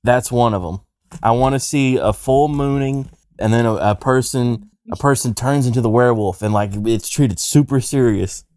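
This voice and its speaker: A man co-hosting a podcast, chatting casually with a deadpan, teasing manner. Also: mid-range voice, normal speed, dry recording, studio quality. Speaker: podcast co-host.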